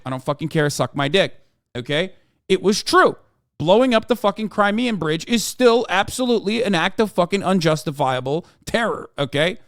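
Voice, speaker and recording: A man with a fairly high, smooth, resonant voice rants through the news on a livestream, reading articles fast and then cutting in with sarcastic, profane asides. The sound is close and dry, with no room around it. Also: no room sound. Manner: sarcastic, profane, heated ranting; reads articles aloud quickly, then breaks off to comment. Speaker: streamer reacting to news.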